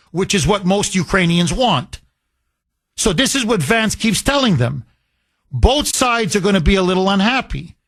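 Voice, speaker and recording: A man's voice: high voice, fairly bright tone. A man hosting a talk radio show, delivering an emphatic monologue and repeating points for force.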